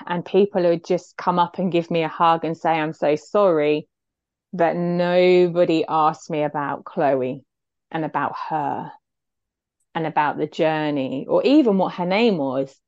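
A woman's voice: deep voice, measured pace, a little mellow, dry recording, lo-fi sound. A woman, telling a personal story as an interview guest, heartfelt and reflective.

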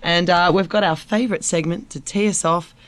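A woman hosting a sports podcast, leading the banter in a brisk, casual way. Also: on the low side, steady tone, dry recording. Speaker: podcast host. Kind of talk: casual chat.

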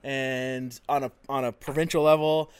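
A man's voice: medium pitch, level tone, normal speed, smooth. A man co-hosting a casual comedy podcast, bantering and laughing often while he swears. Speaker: podcast co-host.

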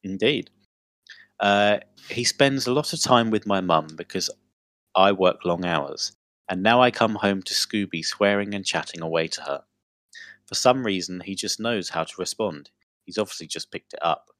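A man's voice: sits low, moderate pace, no echo, studio quality. A young man co-hosting a podcast, reading a funny news story aloud in casual chat and often breaking into laughter. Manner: giggly, breaks into loud laughter while reading. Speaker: podcast co-host.

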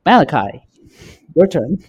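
Male podcast co-host, a touch higher-pitched, calm and methodical when explaining. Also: husky. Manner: measured and explanatory. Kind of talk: casual chat.

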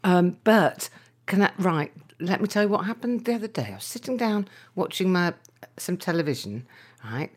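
A woman chatting casually as a podcast co-host, telling animated stories and slipping into a bossy shouting voice. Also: lowish voice, moderate pace, breathy edge. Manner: animated storyteller, breaks into a bossy posh shouting voice. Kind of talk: casual chat.

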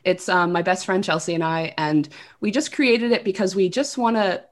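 Bubbly Canadian woman, fairly low voice. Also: moderate pace. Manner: bubbly and enthusiastic, many "like"s. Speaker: podcast guest. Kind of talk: casual podcast chat.

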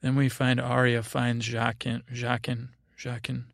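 Gravelly, flat-voiced man rambling sleepily. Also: a little slow, no echo, studio quality. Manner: meandering, low-key, full of restarts. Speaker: podcast host. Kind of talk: drowsy rambling recap for sleep.

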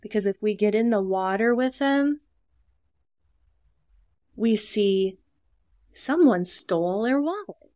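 A woman with an Upper Midwest American accent explains care techniques in a measured, instructive way, her voice sitting in a middle register. She slips into short quoted lines to demonstrate what to say. The sound is close and dry, with no room around it. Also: medium pitch, animated, dark tone, no room sound. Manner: earnest and instructive, acts out short example dialogues. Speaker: dementia care business owner and social worker. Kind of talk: podcast interview, explaining caregiving tips.

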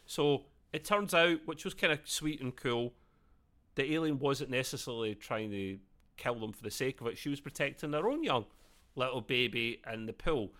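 A man co-hosting a relaxed show review, talking in an easy, chatty way. He laughs often and slips into quoted voices as he recaps. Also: mid-range voice, moderate pace. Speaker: podcast co-host. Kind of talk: casual review chat.

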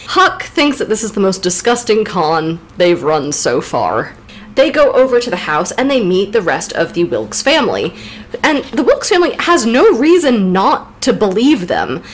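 A woman's voice: mid-range voice, big pitch swings, measured pace. A woman co-hosting a casual literature podcast, recapping the plot with playful, jokey asides. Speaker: podcast co-host.

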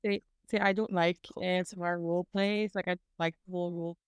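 A woman's voice: lowish voice, fairly even intonation, a little fast, smooth, no echo, clean studio sound. A woman from Britain co-hosting a podcast, chatting in an easygoing way with lots of "like.". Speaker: podcast co-host. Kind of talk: casual chat.

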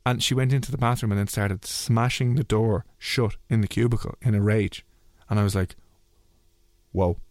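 A man's voice: normal speed, no room sound, studio quality. A man hosting a casual radio chat, telling stories animatedly and acting out what others said. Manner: animated storytelling, voices others with big pitch jumps. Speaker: radio host.

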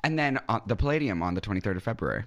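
A man's voice: fairly low pitch, lively intonation, rapid-fire, fairly bright tone. A man guesting on a podcast, bubbly and giggly, laughing often as he chats. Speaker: touring drag performer guest. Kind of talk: casual podcast chat. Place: podcast studio. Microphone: podcast microphone.

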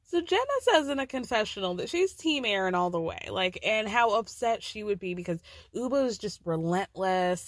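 A woman's voice: mid-range voice, no echo, studio quality. A woman hosting a podcast who recaps reality TV in a chatty way, full of "like" and light laughs. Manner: chatty, peppered with "like" and giggles. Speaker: podcast host. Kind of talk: casual TV recap.

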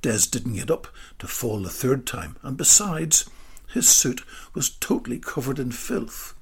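A man narrating a story slowly, dropping into whispered asides. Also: mid-range voice, animated, husky. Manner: slow, drawn-out delivery with whispered asides.

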